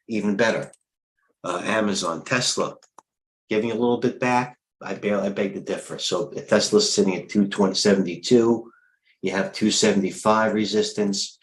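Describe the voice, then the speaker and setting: A man's voice: low-pitched, poor audio. A middle-aged man hosting a live trading stream, thinking aloud as he rambles bluntly through stock charts. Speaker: trading coach and livestream host. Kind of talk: live market commentary.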